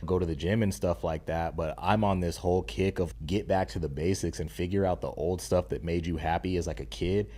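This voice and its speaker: Deep, mellow-voiced man, earnest and emphatic. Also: fairly even intonation, fairly quick, hardly any pauses. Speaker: podcast guest, stay-at-home dad and content creator. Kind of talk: casual interview conversation.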